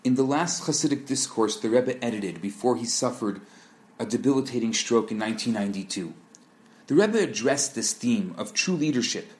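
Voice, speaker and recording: A man's voice: medium pitch, expressive, a little mellow. Man narrating a Torah lesson. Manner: measured explanatory storytelling with rhetorical questions. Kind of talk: scripted narration.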